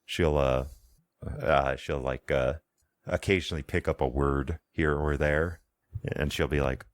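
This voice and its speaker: A man narrating a tabletop role-playing game as game master, in a casual, halting way. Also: rumbling low, fairly even intonation, no room sound, studio quality. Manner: casual, halting, lots of fillers and laughs.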